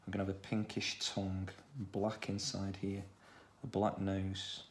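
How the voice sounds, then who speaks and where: A man with a Stoke-on-Trent accent, talking through a children's drawing tutorial in a relaxed way, thinking aloud as he draws. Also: low-pitched, a little slow, a little hiss or hum. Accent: Stoke-on-Trent English. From England. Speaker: art tutor.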